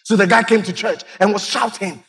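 A man preaching a lively sermon as pastor, acting out church members with sudden high shouts. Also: fairly quick. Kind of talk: lively sermon with acted-out stories.

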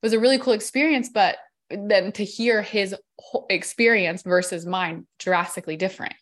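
A woman's voice: medium pitch, normal speed. A woman hosting a podcast interview, chatty and bubbly, often acting out what people said to her. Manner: bubbly, chatty, acts out quotes. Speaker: podcast host. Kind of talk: casual interview chat.

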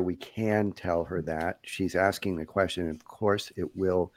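A man podcast co-host, a family therapist, talking in a measured, thoughtful way about a listener's letter. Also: deep voice, steady tone, dry recording. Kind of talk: reflective podcast talk.

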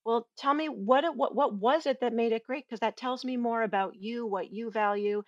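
Animated woman telling workplace stories. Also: a little high, moderate pace, no room sound, highs cut off. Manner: animated storyteller, acts out quoted voices, laughs often. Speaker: guest, workplace feedback trainer. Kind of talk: casual podcast conversation.

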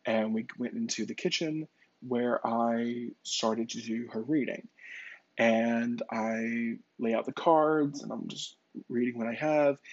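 Man, psychic medium, personal storytelling, conversational with fillers, raspy fry in the voice, slightly muffled lo-fi sound. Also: mid-range voice, a little mellow, no room sound.

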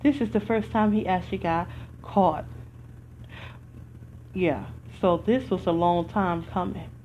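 A woman's voice: fairly low pitch, measured pace, dark tone, a little hiss or hum, rough recording. A woman from the United States hosting a podcast, talking in an earnest, rambling way with many restarts. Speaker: podcast host. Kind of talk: casual spoken commentary.

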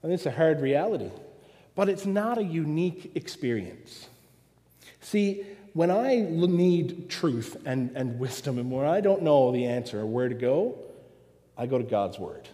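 A man's voice: fairly high pitch, expressive, measured pace, mellow. A man preaching a sermon, earnest and full of rhetorical questions, in a church. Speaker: pastor. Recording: long hall reverb.

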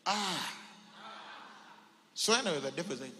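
A male pastor preaching a sermon, swinging between loud shouts and near whispers. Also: mid-range voice, big pitch swings, measured pace, long pauses, big-room sound, slight background noise.

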